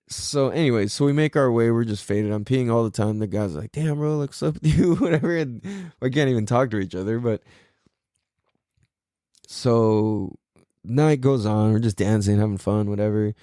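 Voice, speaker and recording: A man's voice: mid-range voice, dark tone, dry recording, studio quality. A man hosting a podcast, telling a story in a casual, rambling way, full of slang, swearing and fillers. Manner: mimics people in quoted voices. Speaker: podcast host.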